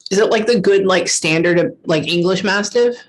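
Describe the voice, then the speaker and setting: Chatty woman giving a reading. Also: mid-range voice. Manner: emotional, keeps pausing to say hold on, swears casually. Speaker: psychic medium. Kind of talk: casual reading session. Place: lives in Texas.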